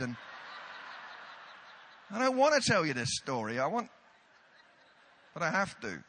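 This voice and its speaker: Bright, lively British preacher. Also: male voice, sits high, normal speed, pauses often, husky. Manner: self-deprecating, comic timing. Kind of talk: humorous sermon storytelling.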